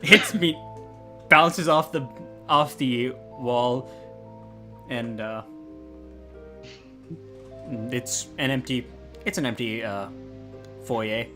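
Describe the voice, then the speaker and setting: A man's voice: mid-range voice, fairly even intonation, very slow, long pauses, sharp tone, faint music behind. A man narrating a tabletop game as game master, hesitant and full of restarts.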